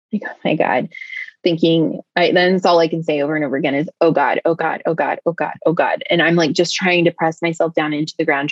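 Low-voiced woman telling a harrowing story. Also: dry recording, dull audio. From United States. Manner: vivid, breathless retelling with frequent "like" fillers. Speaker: guest. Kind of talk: emotional personal storytelling.

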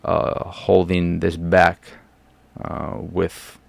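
A man's voice: deep voice, monotone, extremely slow, vocal fry, dry recording. A man hosting a podcast, giving a casual, rambling film review with lots of restarts and fillers.

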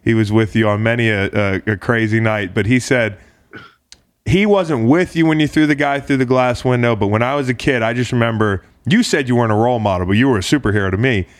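A man's voice: mid-range voice, quick pace, dry recording, clean studio sound. A younger man hosting a casual interview, asking playful questions like an eager fan and laughing often. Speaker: podcast host.

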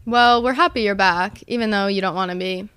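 A woman's voice: medium pitch, a little fast, fairly bright tone. A woman in her early twenties hosting a casual vlog, gushing and chatty, with a lot of "like" in her storytelling. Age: early 20s. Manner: bubbly, gushing, says like a lot. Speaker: host.

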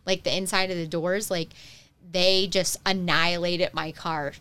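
Chatty woman in casual conversation, lower voice, smooth and clear tone. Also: unhurried. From United States. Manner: chatty, relaxed storytelling with many "like" fillers. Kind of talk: casual chat.

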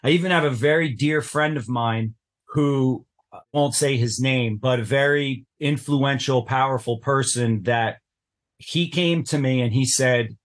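A middle-aged man sits as a guest and tells a deeply personal story with earnest intensity. His voice sits at an ordinary pitch for a man. He leans into the telling and acts out the people he quotes. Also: unhurried. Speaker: podcast guest.

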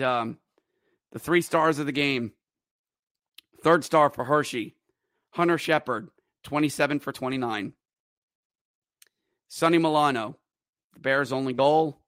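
A man's voice: medium pitch, a bit bright, no room sound, studio quality. A man hosting a fan podcast, recapping hockey games in play-by-play style with wry, bitter sports-fan humor. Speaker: podcast host.

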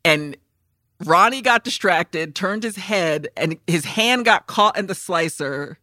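Lady podcaster retelling a movie all excited, bright tone, acts out the lines loud. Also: on the low side, takes it slowly, no room sound, clean studio sound. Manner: animated, swearing, acts out film lines in loud voices. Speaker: podcast co-host. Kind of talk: casual movie chat.

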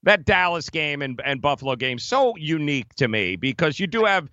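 Lively, bright-voiced male betting co-host. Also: on the high side, moderate pace, dry recording, dull audio. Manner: emphatic, laughs often, addresses co-host by name. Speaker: sports betting show co-host. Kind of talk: casual sports betting talk.

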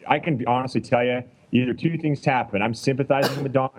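This clip has poor audio with a little hiss or hum, and the speaker's voice is medium-pitched and brisk. A middle-aged Canadian chiropractor guesting on a podcast chats casually, animatedly acting out quoted lines in his stories.

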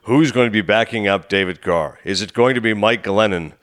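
A man's voice: fairly low pitch, fairly quick, a bit bright. A man co-hosting a casual sports podcast, talking in a wry way with laughs. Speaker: podcast co-host.

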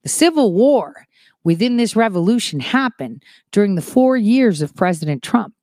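Woman commentator, animated casual monologue, mid-pitched, close and dry. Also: no room sound. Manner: animated, quick shifts from soft asides to emphatic rises. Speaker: online commentator.

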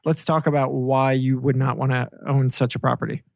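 A man's voice: mid-range voice, little pitch movement, creaky, a little mellow, dry recording, studio quality. A man co-hosting a podcast in casual chat, teasing and jumping in with questions. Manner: teasing, quick interjections. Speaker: podcast co-host.

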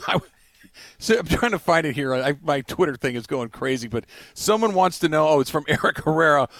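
A man hosts a sports radio show, chatting in an animated, rambling way and often amusing himself. His voice sits a little high and jumps around a lot in pitch. The studio sound is dry and close. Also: fairly quick, no room sound. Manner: animated, rambling, self-amused. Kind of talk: casual sports radio banter.

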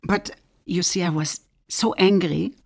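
A middle-aged woman speaks in a deep, gravelly voice with a breathy, husky edge. She tells her story earnestly and often sinks to a soft near-whisper. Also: fairly even intonation, measured pace. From Germany. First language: German. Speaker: author. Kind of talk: personal book introduction talk.

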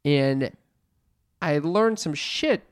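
A man co-hosting a candid podcast with his mother, telling stories in a profane, self-mocking and animated way. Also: fairly high pitch, very slow, clear, resonant tone, no room sound, studio quality. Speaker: podcast co-host. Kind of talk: candid family podcast chat.

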